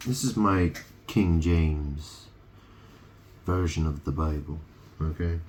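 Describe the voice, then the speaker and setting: A man's voice: rumbling low, takes it slowly, a little mellow, a little hiss or hum. A man in a rambling monologue, punning on words and often asking "right?" as he talks to the camera. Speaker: video host.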